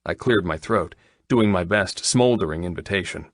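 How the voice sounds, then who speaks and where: Male audiobook narrator, low voice, wry and cocky, dry close recording. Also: normal speed, no room sound. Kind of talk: first-person audiobook narration.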